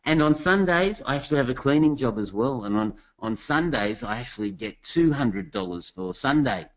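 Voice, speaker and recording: A man's voice: medium pitch, expressive, moderate pace, natural voice. A man voicing a cheerful, hardworking taxi driver who talks in an eager, upbeat way.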